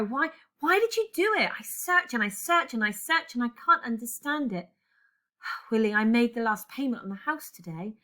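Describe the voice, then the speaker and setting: A woman's voice: high-pitched, bright, forceful tone, voice pushed up. A woman reading a play aloud, voicing a grieving middle-aged wife who pleads, repeats herself and breaks into sobs.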